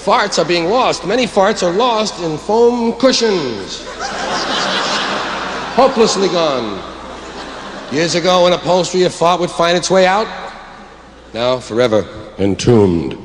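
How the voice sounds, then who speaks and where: A man delivers a rambling stand-up routine, jumping from thought to thought as his voice swings wildly up and down. He is heard in a large hall with a long reverb tail. Steady ambient noise sits loudly under him. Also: unhurried, long pauses. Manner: rambling, digressive delivery with sudden jumps in pitch. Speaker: stand-up comedian.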